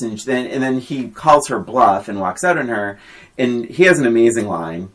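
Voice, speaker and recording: A woman co-hosting a podcast, chatting about a film in an animated, emphatic way and laughing often. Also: rumbling low, normal speed. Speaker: podcast co-host. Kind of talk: casual film chat.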